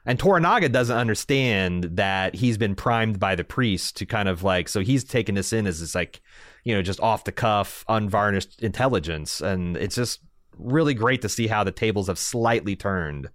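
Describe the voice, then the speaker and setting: A man's voice: on the low side, expressive, moderate pace, a bit bright, no room sound, clean studio sound. A man co-hosting a podcast, chatting casually and acting out quotes, often trailing off and restarting. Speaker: podcast co-host. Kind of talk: casual chat.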